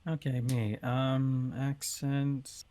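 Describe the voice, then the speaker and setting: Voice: medium pitch, level tone, extremely slow, warm tone, a little hiss or hum. A speaker in a casual podcast chat, talking hesitantly with many fillers.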